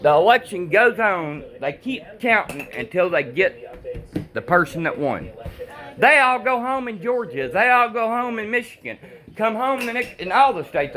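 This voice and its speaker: A father ranting to the camera at home in a casual, repetitive, animated way. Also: very high-pitched. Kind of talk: casual political rant.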